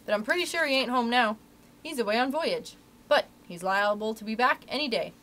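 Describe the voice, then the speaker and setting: A woman's voice: on the high side, expressive, fairly quick, a bit bright. A woman reading aloud, voicing a chatty, folksy male cat's-meat seller who talks in a rustic way. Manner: folksy rustic talk, dropped letters. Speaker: library story reader.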